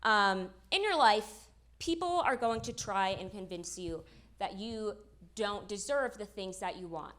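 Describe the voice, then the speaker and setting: A young woman performing a self-deprecating stand-up comedy set on stage, with quick asides to the crowd. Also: medium pitch, lively intonation, a bit bright. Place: comedy stage with live audience. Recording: live show with clear background noise.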